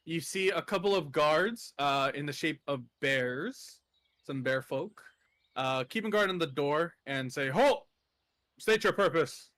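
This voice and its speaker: A man's voice: a little high, a little slow, fairly bright tone, no echo. A man narrating as game master in a tabletop role-playing game, rambling with many fillers.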